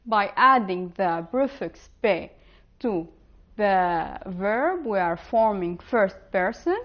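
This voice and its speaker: A woman teaching an online language lesson, slowly and carefully pronouncing the example words. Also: medium pitch, lo-fi sound.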